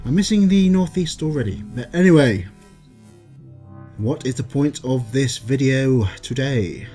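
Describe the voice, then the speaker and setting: An exasperated man from England rants about a game company in a casual, sarcastic way, trailing off into sighs and muttered asides. His voice sits at an ordinary pitch for a man, recorded on a desktop mic with faint music playing underneath. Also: animated, a little slow, warm tone. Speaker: gaming video creator. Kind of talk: casual gaming rant.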